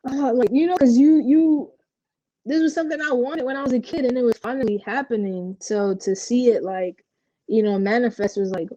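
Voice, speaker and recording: Young woman from Puerto Rico, interview guest, candid storytelling, dark dull dry sound. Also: fairly high pitch, normal speed, dry recording. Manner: candid, animated storytelling with many fillers. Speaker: interview guest, professional basketball player. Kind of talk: casual interview conversation.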